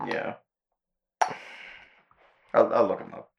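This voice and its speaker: A man co-hosting a podcast in casual, profane chat, retelling cartoon episodes and breaking into squeaky impressions. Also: takes it slowly, highs cut off. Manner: profane, retells cartoon scenes with jumpy high-pitched impressions. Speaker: podcast co-host.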